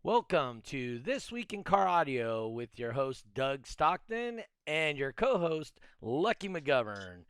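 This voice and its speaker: Easygoing podcast host guy, smooth voice, dry close sound. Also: a little high, very animated, slow, hardly any pauses, fairly bright tone, no echo. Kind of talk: casual chat.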